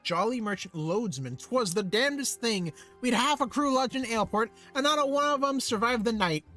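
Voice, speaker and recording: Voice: mid-range voice, expressive, moderate pace, bright, forceful tone, soft background music. A streamer voicing a greedy, cocky pirate slaver captain from a game in old-timey pirate dialect. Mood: boastful. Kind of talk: reading game dialogue aloud in character.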